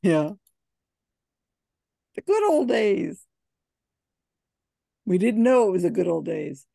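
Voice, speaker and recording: A giggly woman chats casually during an online trivia game. Her voice is gravelly and warm. The sound is dry and close. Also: on the low side, animated, slow pace, dry recording. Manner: giggly, chatty. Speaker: trivia player. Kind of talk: casual chat on a video call.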